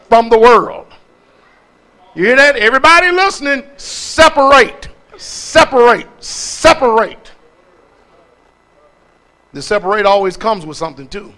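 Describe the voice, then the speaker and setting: A man's voice: high voice, bright, forceful tone. A man preaching a sermon as pastor, calling out questions to the congregation and repeating words for emphasis.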